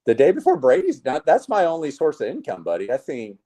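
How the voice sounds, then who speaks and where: A man's voice: mid-range voice, a little fast. A man in a casual interview, telling stories from his business life and acting out what people said to him. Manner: animated storyteller, acts out quotes. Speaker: guest, network marketing leader.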